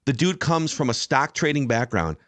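A man's voice: mid-range voice, sing-song, normal speed, fairly bright tone, no echo. A man co-hosting a sports podcast, making emphatic points in long run-on stretches. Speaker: podcast co-host. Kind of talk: casual sports chat.

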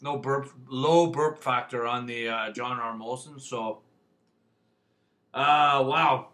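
Rambling man with a bright voice. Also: medium pitch, fairly even intonation, slow pace. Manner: rambling, folksy, lots of fillers and "eh". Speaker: beer reviewer. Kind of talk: casual video review.

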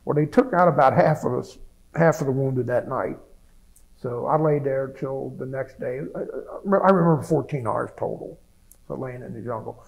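An older American veteran recalls his wartime experiences in an oral history interview, speaking plainly and ramblingly with many restarts. His voice is mid-range with vocal fry at normal speed, captured in a low-quality recording.

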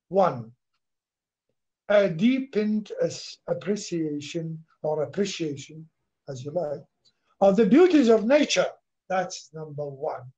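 A man's voice: high-pitched, darkish tone. A man lecturing a class on literature, repeating himself, asking questions and answering them, and dropping a few words of Arabic. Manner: switches into Arabic briefly. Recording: dull lo-fi recording.

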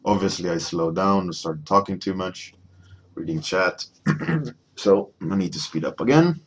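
Male artist-streamer, very deep and husky, easygoing rambling talk full of fillers. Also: lively intonation, unhurried. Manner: rambling, many fillers and restarts. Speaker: artist streaming a painting warmup. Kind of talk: casual chat while painting, reading chat.

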